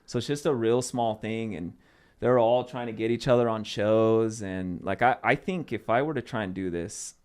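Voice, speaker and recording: A man's voice: on the low side, normal speed, clear, resonant tone. A young man from Arizona, a guest comedian, telling stories in a casual podcast chat with loose fillers. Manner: animated storytelling with loose fillers.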